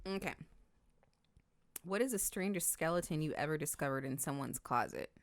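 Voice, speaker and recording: Lively playful woman podcast co-host. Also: sits low, moderate pace, a little hiss or hum. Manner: playful, teasing, laughs often. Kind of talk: casual chat.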